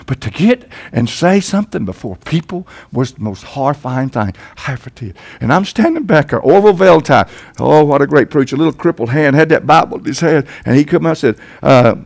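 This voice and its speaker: An older Southern man preaches in a high voice that leaps around, folksy and emphatic. His delivery swells without warning, the way a pastor talks to his congregation. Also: expressive, a little fast, gravelly. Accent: Southern American. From Tennessee. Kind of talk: sermon. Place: church sanctuary.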